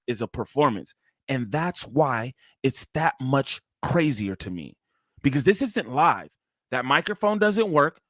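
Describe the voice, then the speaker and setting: A man hosting a casual live-stream reaction, his slightly high voice recorded dry and close with no room sound. He talks loosely and profanely and keeps breaking into bursts of laughter. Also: a bit bright, no room sound.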